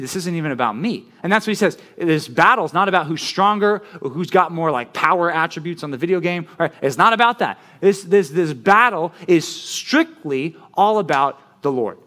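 A man preaching a sermon as pastor, animated and conversational, often checking in with "right?". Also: a little high, moderate pace.

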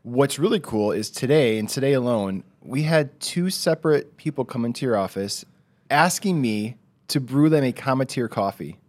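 Male co-host, animated pitch, quick to joke. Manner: joking, laughs often. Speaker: podcast co-host. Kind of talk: casual chat.

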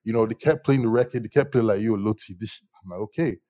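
Young male interviewee, low voice, dry close sound, lively slangy storyteller who laughs a lot. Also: quick pace, no room sound. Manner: animated, slangy, laughs often. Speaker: musician guest.

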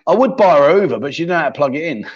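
A man's voice: a little high, animated, racing, slightly rough. A man hosting a casual livestream chat show, joking around and thinking aloud as he reads out viewer comments. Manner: chatty, jokey, thinks aloud while scrolling comments. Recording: slightly dull lo-fi sound.

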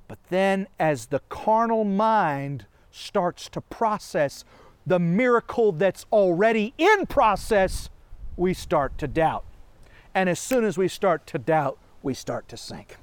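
Animated preacher, male, high voice, dry close recording. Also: dry recording. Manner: animated, asks many rhetorical questions, laughs often. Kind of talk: sermon.

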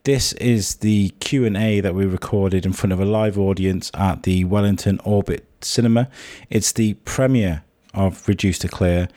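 Bloke with a cold, husky low voice, chatty podcast intro, dry close sound. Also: male voice, steady tone, moderate pace, few pauses, warm tone, no echo. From England. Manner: chatty, rambling with ums. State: hoarse with a cold. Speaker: podcast host.

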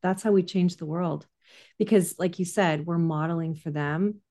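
A woman's voice: on the low side, normal speed, mellow. A woman hosting an interview, enthusiastic and emphatic, who talks in vivid hypotheticals. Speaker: podcast host, parent coach. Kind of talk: conversational interview.

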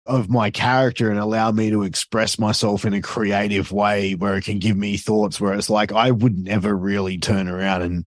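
A man's voice: lowish voice, little pitch movement, normal speed, hardly any pauses, no room sound, studio quality. An Australian man, a podcaster and wrestling announcer, chatting casually as a guest, swearing freely and filling his talk with asides. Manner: profane, loose, full of fillers.

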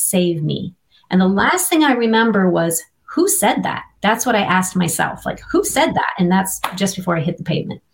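A middle-aged woman, an interview guest, sharing a personal faith testimony in an earnest, vivid storytelling manner. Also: mid-range voice.

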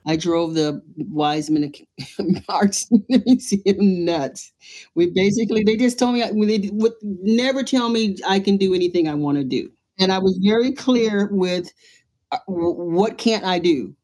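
A woman artist and playwright from the United States, telling a lively story in an interview, acting out voices and laughing often. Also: medium pitch, a little slow.

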